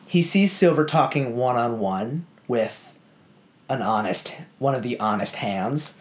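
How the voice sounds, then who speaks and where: A man's voice: medium pitch, expressive. Casual man talking through a classic novel. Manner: conversational, with filler words and quick asides. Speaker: podcast co-host discussing a novel. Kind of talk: casual book discussion, reading passages aloud.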